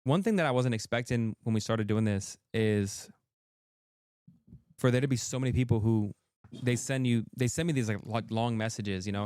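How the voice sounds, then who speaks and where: Man, podcast guest, quick earnest chat, smooth dry voice. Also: lowish voice, darkish tone, dry recording. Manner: quick, earnest, full of restarts. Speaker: content creator guest. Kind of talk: casual interview chat.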